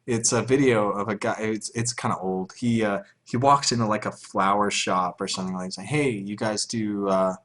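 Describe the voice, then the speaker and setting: A man's voice: lowish voice, steady tone, brisk, few pauses, fairly bright tone. A man chatting casually on a livestream, answering questions from chat in a rambling, profane way and laughing often.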